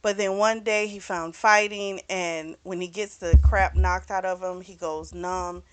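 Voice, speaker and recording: A woman's voice: on the low side, steady tone, measured pace, slight background noise. Chatty woman recapping a book. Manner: chatty, retells scenes with quoted lines. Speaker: book club host. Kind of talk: casual book review recap.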